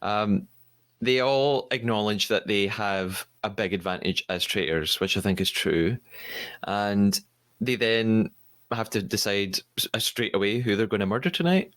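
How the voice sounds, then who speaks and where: A man's voice: lowish voice, unhurried, fairly bright tone. A man hosting a podcast, recapping a TV episode in a chatty, hesitant way with many restarts. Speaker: podcast host. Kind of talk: casual podcast recap chat.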